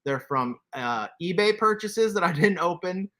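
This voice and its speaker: A man's voice: high-pitched, lively intonation, normal speed, bright, forceful tone. A man, casually hosting a toy livestream, laughing often and reading chat aloud. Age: 40s. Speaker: toy collector livestream host.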